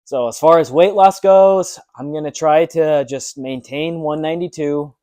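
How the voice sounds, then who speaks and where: A man's voice: on the high side, moderate pace, dark tone, no room sound. A young man talking earnestly in a personal fitness vlog, motivational and full of ums. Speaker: fitness vlogger.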